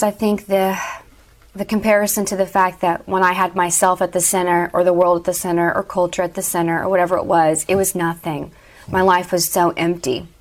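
Earnest woman telling a personal story. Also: fairly low pitch. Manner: earnest, emotional storytelling with soft laughs. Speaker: guest. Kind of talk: personal testimony in an interview.

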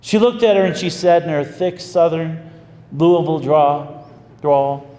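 High-voiced storytelling priest in echoey hall. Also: male voice, normal speed. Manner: animated, folksy storytelling with rising bursts. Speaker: pastor. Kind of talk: storytelling sermon. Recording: echoey hall with faint ambience.

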